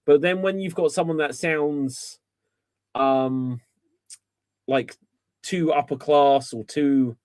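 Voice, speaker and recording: Measured male co-host, dry close sound. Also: a little high, fairly even intonation, a little mellow, no room sound. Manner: measured, opinionated, reasoning things out. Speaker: podcast co-host. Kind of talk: casual chat.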